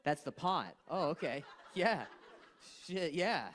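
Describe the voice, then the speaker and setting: Young male comedian, stand-up crowd work, stuttering delivery, high animated voice, faint room hum. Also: slow pace. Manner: stammering, repeats words, laughs often. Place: comedy club stage.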